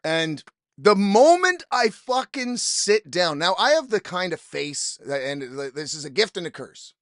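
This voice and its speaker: A man's voice: sits high, big pitch swings, measured pace, fairly bright tone, dry recording, studio quality. A man hosting a podcast, telling a story in an exasperated, profane, rambling way, often quoting people he met. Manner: profane, exasperated ranting with quoted asides. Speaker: podcast host. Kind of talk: casual storytelling monologue.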